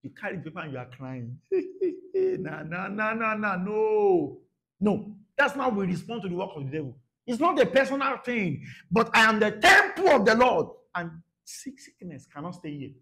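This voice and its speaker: Fiery preacher, high lively voice. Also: male voice, moderate pace. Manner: dramatic, swings from soft murmurs to shouted bursts; repeats phrases for emphasis, laughs at his own points. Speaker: pastor. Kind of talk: sermon.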